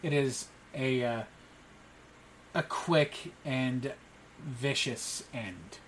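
A man narrating a tabletop game as game master, halting with frequent fillers. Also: mid-range voice, slight background noise, low-quality recording.

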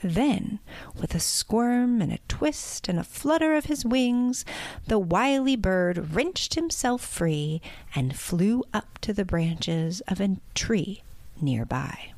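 A woman reading a storybook aloud in a measured, expressive way. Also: medium pitch, no echo. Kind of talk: scripted storybook narration.

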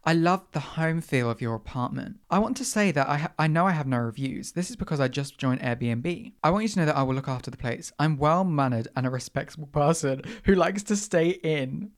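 A podcast host telling a story in casual, animated chat full of slang and dramatic asides. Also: medium pitch, brisk, hardly any pauses.

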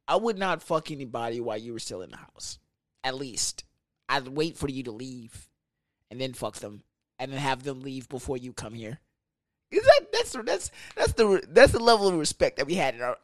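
A young man hosting a podcast, telling a story in a casual, profane, animated way with laughs. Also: mid-range voice, no room sound, studio quality. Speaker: podcast host.

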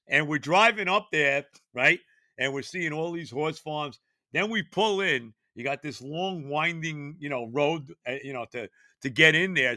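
Animated older New man, bright voice. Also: on the high side, no echo, studio quality. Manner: rambling, animated, many fillers and restarts. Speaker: podcast host. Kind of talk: casual storytelling monologue.

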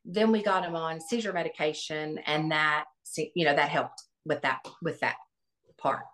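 A woman's voice: low-pitched, fairly even intonation, normal speed, a bit bright. Earnest middle-aged woman recalling memories. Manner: earnest, reflective, many restarts. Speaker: guest. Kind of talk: interview, personal recollection.

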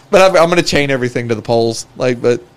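A man chatting casually as a podcast co-host, quick and joking, often laughing and acting out reactions. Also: mid-range voice. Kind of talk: casual chat.

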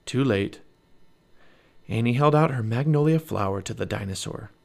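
Male storybook narrator, mid-range voice, highly expressive read-aloud. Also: a little fast, gravelly. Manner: expressive and animated.

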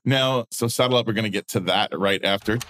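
A man's voice: lowish voice, brisk, very noisy. A middle-aged man co-hosting a podcast in a flamboyant, sassy way, full of rhyming quips. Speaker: podcast co-host. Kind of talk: campy casual chat.

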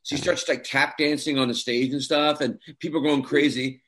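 A male actor telling a lively, self-mocking story in casual chat on a video call. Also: mid-range voice, normal speed, a little hiss or hum.

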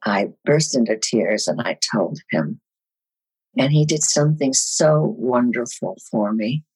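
An older woman, a guest actress, telling animated stories on a podcast with a husky voice. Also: a bass voice, unhurried, rough recording. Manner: animated storyteller. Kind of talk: podcast storytelling.

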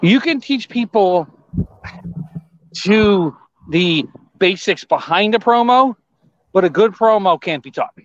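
A man co-hosting a casual wrestling podcast, talking through his opinions in an excitable, rambling way. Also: high voice, takes it slowly, pauses often, no room sound. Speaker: podcast co-host. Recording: dull lo-fi sound.

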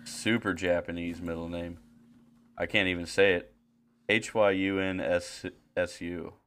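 A man's voice: deep voice, moderate pace, a little hiss or hum. A man hosting a podcast in casual chat, joking and swearing freely. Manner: profane, joking, animated. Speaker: podcast host.

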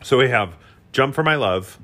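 A woman's voice: a bass voice, normal speed. A woman co-hosting a podcast in casual, playful conversation. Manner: animated, playful asides. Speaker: podcast co-host. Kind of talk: casual chat.

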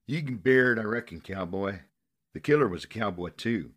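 A man's voice: fairly low pitch, expressive, moderate pace, fairly bright tone, pitched above the performer's own voice. A man voicing a bitter young frontier farm girl with a Missouri accent. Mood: accusing. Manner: bitter, accusing.

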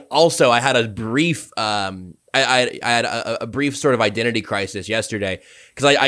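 A man's voice: medium pitch, a bit bright. A young man co-hosting a casual sports podcast, making dry joking asides.

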